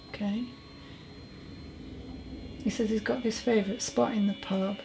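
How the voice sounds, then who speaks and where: Woman, psychic medium, mellow dark tone, halting and self-correcting, faint music behind. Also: medium pitch, vocal fry, low-quality recording. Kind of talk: solo mediumship reading.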